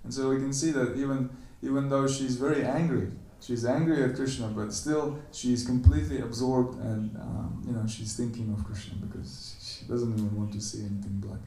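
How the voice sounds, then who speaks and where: A man giving a temple lecture, animatedly telling a story and acting out the characters' quoted lines in a higher voice. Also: fairly even intonation, moderate pace, hardly any pauses, mellow. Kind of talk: storytelling sermon. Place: temple hall. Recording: echoey room, voice from a distance.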